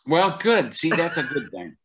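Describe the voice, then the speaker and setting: Older man, animated veteran voice teacher. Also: a little high, a little slow, a little hiss or hum. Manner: animated storyteller, many restarts. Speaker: guest voice acting teacher. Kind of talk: conversational interview.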